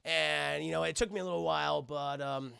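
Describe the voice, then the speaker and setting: An excitable male streamer retells a cartoon episode to his live chat in a high, bright voice with a heavy gravelly fry. He swears freely and trips over his own restarts. The sound is dry and close. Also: brisk, dry recording. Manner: excitable, profane, addresses chat, frequent restarts. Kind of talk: casual live-stream recap.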